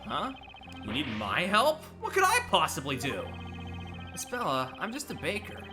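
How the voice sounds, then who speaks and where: A flustered young baker, voiced by a man in a fan game dub, protesting in disbelief. His pitch jumps around widely. Game music plays behind. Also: wildly swooping pitch, normal speed. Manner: flustered, incredulous. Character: flustered young male baker turned lawyer.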